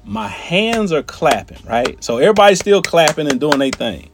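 A man telling a personal story in an animated, conversational way, often turning to his listeners with "right?" and "y'all". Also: a little high, normal speed, soft background music.

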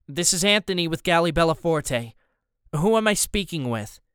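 Brief: male narrator plays a casual young guy, quick and helpful. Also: fairly high pitch, lively intonation, a bit bright, smooth, dry recording, studio quality. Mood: hurried. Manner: casual and hurried. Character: young male galley worker, helpful and hurried.

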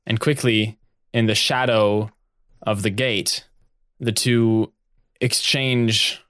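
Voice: medium pitch, fairly even intonation, slow, long pauses, fairly bright tone, clean tone, no room sound, studio quality. A player in a tabletop game narrating and chatting in a rambling, laughing way. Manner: rambling, laughing, many restarts.

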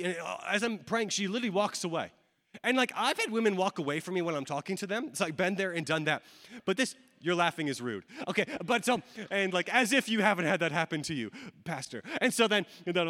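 A young man with a slightly high voice preaches to a congregation, telling his story in a relaxed, joking manner. The sound rings with a long reverb from a large hall. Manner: casual, joking, animated storytelling. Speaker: guest speaker. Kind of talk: sermon storytelling.

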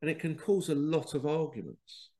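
A middle-aged man, talking in a casual, animated podcast monologue, laughing at himself and acting out remembered conversations. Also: on the high side, normal speed. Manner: animated, self-laughing, quotes others in dialogue. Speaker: podcast host.

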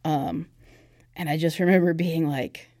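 A young woman on a podcast offers a candid personal testimony in casual conversation, leaning heavily on fillers. Her voice sits low with a darkish tone and fairly even intonation, she speaks a little slowly, and the studio-quality audio has no echo.

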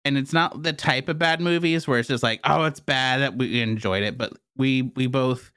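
A man hosts a relaxed podcast chat, easygoing and a little halting as he gathers his thoughts. His voice is dry and close, with no room around it. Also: mid-range voice, clear, resonant tone, no echo. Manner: easygoing, repeats words when starting thoughts. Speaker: podcast host.

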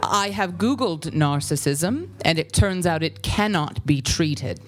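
A woman's voice: deep voice, animated, unhurried, background noise. A woman performing a comic letter on stage, with a sardonic, mock-sweet delivery. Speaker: live reading performer.

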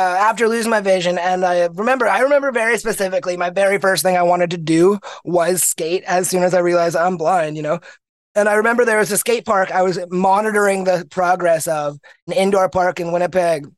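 High-voiced young Canadian man telling stories. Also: moderate pace, no echo. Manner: animated storyteller, acts out quoted people. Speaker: guest. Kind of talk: casual interview chat.

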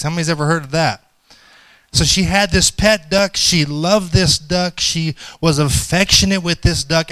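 A middle-aged pastor preaching a sermon in a smooth, resonant voice that sits a little higher than most men's. He tells a story and reads scripture, dragging out key words for effect. The sound is close and dry, with no room echo. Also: fairly bright tone. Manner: storytelling, slows down for emphasis. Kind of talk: sermon with a joke and scripture reading.

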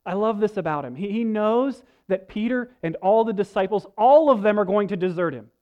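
High-voiced pastor preaching a sermon. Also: male voice, lively intonation, brisk. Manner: earnest, conversational preaching with folksy asides. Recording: slightly dull, lo-fi sound.

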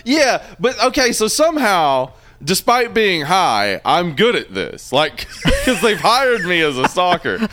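Podcast guy riffing on movies, kinda high voice, bright and clean sounding. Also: big pitch swings, measured pace, few pauses. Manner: laughing, joking, puts on voices for quips. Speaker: podcast co-host. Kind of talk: casual podcast banter.

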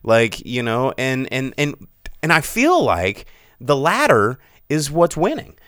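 A man with a smooth, resonant voice talks into a close mic, with no room sound around him. He hosts a podcast, rambles in an animated way and jumps into sarcastic mock voices. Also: mid-range voice, takes it slowly, dry recording. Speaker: podcast host. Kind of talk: casual movie discussion.

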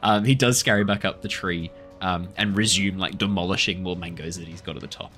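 A man's voice: deep voice, steady tone, a little fast, sharp tone, soft background music. A man running a tabletop game as game master, hesitant and full of fillers.

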